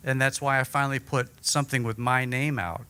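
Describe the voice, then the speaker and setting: A man giving an energetic, chatty breakout-session talk at a conference, joking about himself. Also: mid-range voice, brisk, clear, resonant tone. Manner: energetic, chatty, self-deprecating. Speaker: workshop speaker. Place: conference room.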